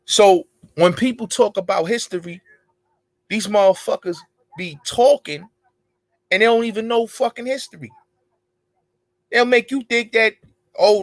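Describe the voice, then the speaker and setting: A man with a high voice hosts an online show, launching into a rambling, emphatic casual monologue packed with profanity and street slang. The recording is dry.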